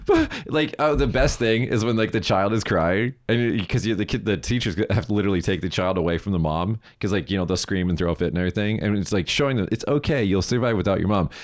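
A man co-hosting a casual chat, animated, acting out people in quoted voices and laughing often. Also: on the low side, quick pace, hardly any pauses. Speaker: podcast co-host. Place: lives in Japan.

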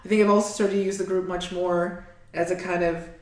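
Flat-voiced woman, far off. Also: lowish voice, fairly quick, roomy sound. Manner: rambling, thinking aloud. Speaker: creative freelancer. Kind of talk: casual group discussion.

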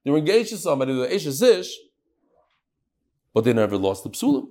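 A man's voice: medium pitch, very animated, brisk, long pauses, mellow. A man teaching a Talmud class, reading the text in a sing-song lilt and questioning his students.

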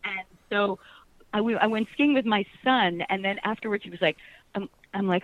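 Animated laughing actress, lo-fi radio interview. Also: female voice, medium pitch, moderate pace, no echo. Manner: animated, laughing, rambling with restarts. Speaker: actress, guest. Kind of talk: casual interview chat.

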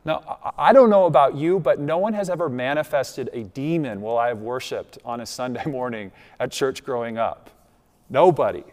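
A man's voice: medium pitch, normal speed, darkish tone. A man preaching a sermon as a pastor, in a conversational way, checking in with the congregation. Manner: conversational, asks the congregation "right?". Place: church sanctuary. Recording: long reverb of a large hall.

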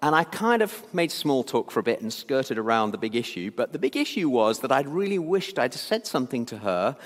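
A man's voice: mid-range voice, very animated, brisk. A British pastor in his fifties telling a childhood story in a sermon, chatty and anecdotal, with many fillers and restarts. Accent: British English. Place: church. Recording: long church hall reverb.

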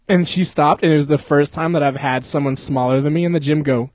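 A man's voice: fairly high pitch, steady tone, fairly quick, hardly any pauses, a little mellow, no echo. A young man hosting a casual podcast, rambling and swearing, laughing often, sounding sleepy. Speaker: podcast host. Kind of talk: casual chat. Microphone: close podcast mic.

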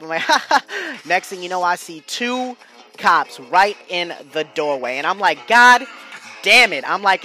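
A man hosting a podcast, telling a story in a casual, slangy, animated way with frequent laughs. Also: high voice. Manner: animated, slangy, laughing often, loud bursts. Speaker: podcast host.

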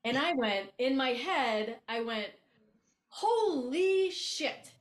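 A woman co-hosting a podcast, telling a story in casual chat, blunt and animated, acting out both sides of a conversation. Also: on the high side, a little slow, roomy sound, slight background noise. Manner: animated, blunt, acts out quoted exchanges. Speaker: podcast co-host, coach.

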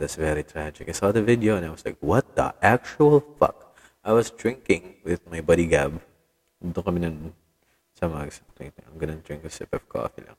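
A Filipino man with a Filipino accent hosts a casual solo podcast, rambling, switching languages and swearing often as he reads the news. His voice is low, darkish and slightly rough, with a big-room sound.

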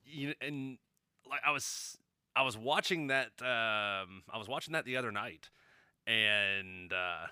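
A man's voice: mid-range voice, a little slow, pushed and bright, clear, resonant tone, no echo, clean studio sound. A man co-hosting a podcast in casual chat, joking and rambling, swearing freely. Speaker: podcast co-host.

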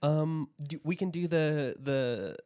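A man's voice: on the high side, slow pace, dark tone. A young man hosting a casual podcast chat, laughing often and stumbling over restarts. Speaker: podcast host and editor.

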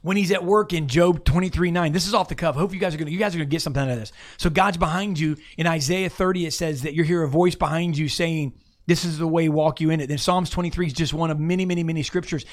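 A man's voice: fairly high pitch, steady tone, fast talker. A man preaching an off-the-cuff sermon, talking to listeners casually and asking them to look up verses. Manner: conversational, restarts, asks listeners to look up verses. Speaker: pastor.

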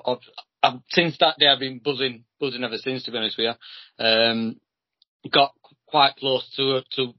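A man's voice: mid-range voice, no echo. A man co-hosting a casual podcast, laid-back and hesitant, often restarting his words. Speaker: podcast co-host. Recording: dry lo-fi recording.

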